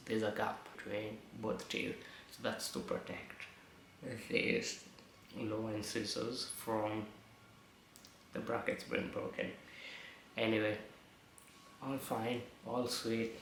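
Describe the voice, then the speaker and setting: A man with a gravelly, bright-edged voice talks slowly and chattily, a slight lisp from fresh braces on his words. He rambles through a casual vlog at home, swearing now and then. The recording is echoey with a faint hiss behind him. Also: fairly low pitch. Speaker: vlogger. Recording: echoey room.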